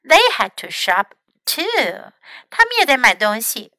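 A woman English teacher reading a bilingual storybook aloud in an expressive, animated way. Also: a little high, unhurried, no room sound, low-quality recording.

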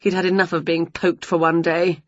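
A woman's voice: on the low side, no echo. A woman whose first language is Chinese, reading an English picture book aloud to children. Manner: slow, lively storytelling. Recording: dull lo-fi home recording.

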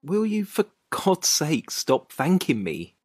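A woman's voice: sits low, sing-song, slow, a little mellow, breathy edge, dry recording, clean studio sound, full character voice. A woman voicing an anxious young man who pleads and grows exasperated in a dramatized story. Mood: pleading. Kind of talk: dramatized short story reading.

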